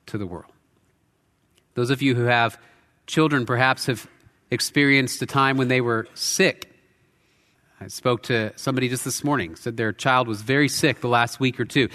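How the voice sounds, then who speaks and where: A male pastor preaching a sermon in a church, earnest, shifting between intense emphasis and quiet reflection. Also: medium pitch. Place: church sanctuary. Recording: long hall reverb.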